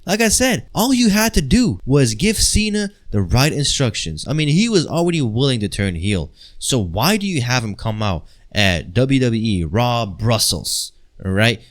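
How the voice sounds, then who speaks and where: A man ranting in a heated vlog, exasperated and crude, jumping from loud outbursts to mutters. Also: mid-range voice. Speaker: wrestling commentary vlogger.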